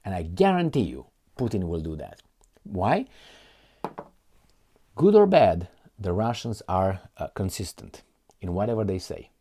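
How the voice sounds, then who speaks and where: Sarcastic man with a lively, swooping voice. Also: low-pitched, unhurried, long pauses, slightly rough. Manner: sarcastic, mocking, animated. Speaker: political commentator. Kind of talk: casual commentary reading articles.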